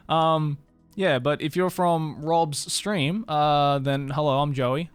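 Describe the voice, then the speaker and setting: A man's voice: fairly high pitch, fairly even intonation, takes it slowly, smooth, no room sound, soft background music. A young man with an Australian accent blended with other influences, chatting casually with viewers on a live stream, swearing freely and laughing often. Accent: Australian with international mix.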